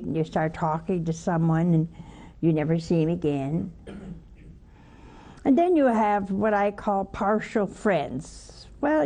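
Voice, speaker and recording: A woman's voice: on the low side, gravelly, dark tone. A woman, a religious sister, preaching a spiritual talk in a folksy storytelling way, with rhetorical questions to her listeners. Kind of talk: homily-style spiritual talk.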